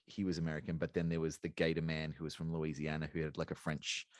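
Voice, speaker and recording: A man's voice: extremely low pitch, monotone, fast talker, dry recording, clean studio sound. A man co-hosting a podcast in casual chat, rambling and thinking aloud as he goes. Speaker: podcast co-host.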